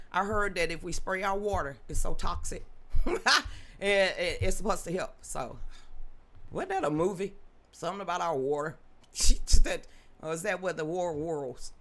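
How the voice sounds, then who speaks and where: A woman hosting a livestream news show, talking casually and reading viewer comments aloud in a loud, projecting, blunt and sassy way. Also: fairly low pitch.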